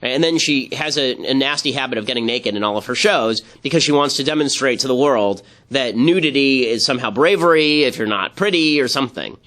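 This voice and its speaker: A man hosting political commentary, talking with sarcasm and quick mocking asides. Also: mid-range voice, a bit bright. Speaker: commentary host.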